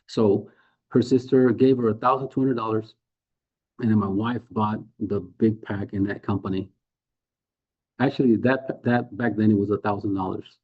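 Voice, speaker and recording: A man's voice: on the low side, normal speed, breathy edge. A man leading a sales training, talking persuasively with rhetorical questions and acted-out sales dialogues. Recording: phone-like narrow audio.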